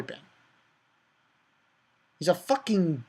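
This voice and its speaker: A man giving a casual manga chapter review, excitable and profane, rambling with many fillers. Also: high-pitched, normal speed, long pauses, husky.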